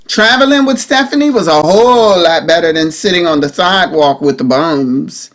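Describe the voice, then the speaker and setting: A woman narrating an audiobook in a measured, expressive reading style. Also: lowish voice.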